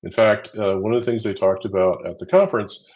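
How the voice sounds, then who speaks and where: Low-voiced guy hosting a live lesson, chatty and upbeat, kinda muffled lo-fi sound. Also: steady tone, fairly quick, darkish tone. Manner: upbeat, chatty, counting down quiz votes. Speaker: livestream co-host running a quiz. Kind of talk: casual livestream teaching.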